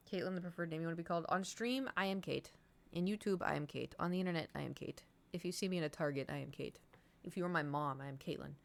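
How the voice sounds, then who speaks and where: Young woman, lowish pitch, casual livestream chatter, rambling animated storyteller. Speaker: streamer. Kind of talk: casual chat with stream viewers.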